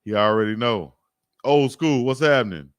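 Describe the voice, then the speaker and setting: This Alabama man talks sports on a livestream in a mid-range, clear, resonant voice at moderate speed, reading viewer comments aloud. Relaxed and jokey, he laughs frequently and repeats himself, and the studio-quality audio has no echo.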